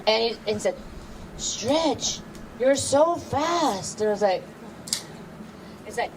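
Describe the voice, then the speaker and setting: A woman's voice: on the high side, animated, slow pace, pauses often, a little hiss or hum. Chatty middle-aged woman, heard from far off. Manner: fond, chatty, laughing at herself. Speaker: hasher giving a memorial tribute. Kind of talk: casual memorial speech.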